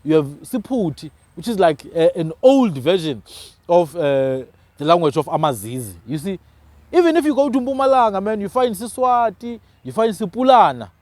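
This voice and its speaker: A high-pitched South African man talks with real force, punching his points home and tagging "man" onto his phrases. The sound is dry and close, with no room echo. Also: normal speed. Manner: emphatic, animated, ends phrases with "man". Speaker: podcast host. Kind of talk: casual discussion.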